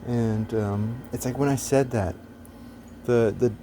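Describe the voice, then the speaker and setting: Soft-voiced man ranting, mellow tone. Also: mid-range voice, steady tone, takes it slowly, slight background noise. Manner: profane, exasperated ranting with frequent restarts. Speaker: self-described philosopher telling a story. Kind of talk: casual storytelling monologue.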